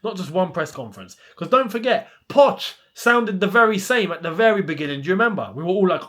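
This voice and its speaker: A man's voice: high voice, expressive, a little fast, a bit bright. A young man, hosting a casual football chat and ranting with plenty of rhetorical questions. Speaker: football channel host.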